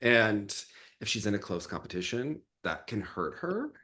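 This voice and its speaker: A man hosting a casual skating chat, teasing and lively, with quick asides. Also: fairly low pitch. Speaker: host.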